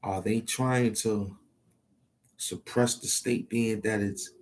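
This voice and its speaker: Low-voiced man thinking aloud. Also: steady tone, slow. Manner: hesitant, repeats himself, talks to himself. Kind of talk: rambling monologue, thinking aloud.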